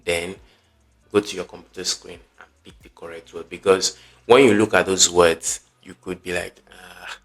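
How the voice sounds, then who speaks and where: Deep-voiced man teaching exam prep. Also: little pitch movement, moderate pace, fairly bright tone, faint music behind. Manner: chatty teacher, peppers talk with okay and right; emphatic, repeats key points. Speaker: exam tutor. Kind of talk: online exam-prep lesson.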